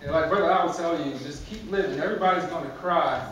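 Preacher guy, high voice, joking sermon, super echoey church from far away. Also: fast talker, a bit bright, a little hiss or hum. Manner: conversational, repeats words, chuckles at own jokes. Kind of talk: sermon with humor. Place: church sanctuary.

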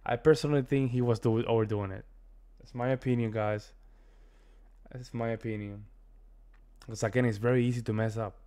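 American man, reaction video host, casual rambling commentary, lots of fillers, mid-pitched voice. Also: steady tone, moderate pace, pauses often, warm tone, clean tone. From United States. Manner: rambling, repeats himself, many fillers.

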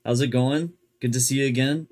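A man's voice: medium pitch, fairly even intonation, a little fast, a little mellow. A man bantering casually with a co-host on a chess stream.

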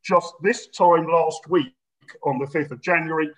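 A man's voice: a little high, fairly even intonation, measured pace, poor audio. A man from Britain hosting and chairing an interview, upbeat and chatty with frequent fillers. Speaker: host, chair of the discussion.

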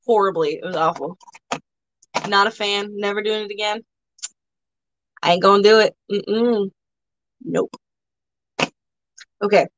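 A young woman with a fairly high voice runs a live auction stream, teasing her viewers and rambling between items. She is tired and talks slowly. The sound is close and dry. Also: fairly bright tone, no echo, rough recording. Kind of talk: casual live-stream selling chat.

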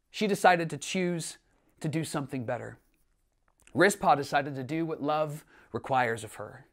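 A man preaching a sermon as pastor, earnest, swinging between emphatic lines and hushed ones. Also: a little high. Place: church online service.

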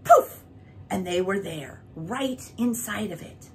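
A woman reading a children's book aloud, with an expressive, varied delivery. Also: mid-range voice, slow pace, slight background noise, low-quality recording. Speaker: storyteller.

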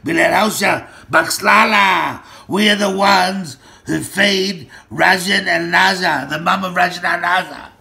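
A gravelly, heavily fried man rants in an aggressive, profane monologue. His voice is bright and tense, and his delivery drags slowly while he barks out names and threats. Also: high voice. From Australia. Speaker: self-styled gang boss ranting to camera. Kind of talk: angry rambling monologue.

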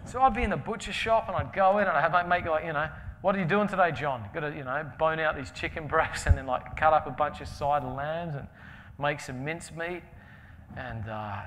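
A man preaching a conference sermon, telling stories with humor and swinging between loud and hushed delivery. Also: a little high, fairly quick, a little hiss or hum. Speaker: pastor. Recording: reverberant hall with faint ambience.

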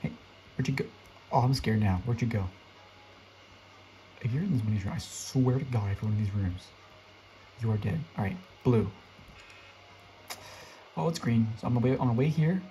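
A young man giving excitable live commentary while playing a game, his voice jumping up high when he gets scared. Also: moderate pace, pauses often, slight background noise. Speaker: gaming video creator.

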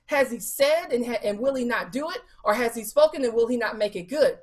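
Speaking briskly in a fairly high voice, a woman evangelist preaches a sermon at a Bible study. She is animated, quoting scripture and throwing rhetorical questions at her listeners in casual, colloquial speech with fillers.

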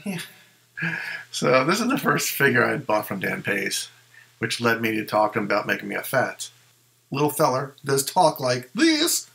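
A man's voice: medium pitch, expressive, normal speed, vocal fry, fairly bright tone, rough recording. A man who collects ventriloquist figures, chatting casually in a rambling show-and-tell and second-guessing himself as he goes.

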